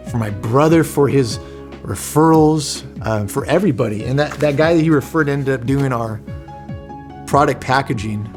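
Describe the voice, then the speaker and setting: A man in his thirties telling a personal story in an earnest, emotional way, with many fillers and restarts. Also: medium pitch. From Southern California. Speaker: vlogger, inventor.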